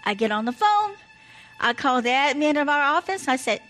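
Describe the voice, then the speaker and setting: Chatty and anecdotal, a woman shares stories and marriage advice, throwing in "blah, blah" as she goes. Her voice is high, very animated, a little fast and a bit bright, over faint music on a rough recording.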